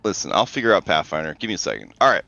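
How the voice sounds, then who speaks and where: A man's voice: sits low, sing-song, very fast, vocal fry, sharp tone, lo-fi sound. A man narrating a tabletop game as game master in loose, chatty talk, swearing and thinking aloud.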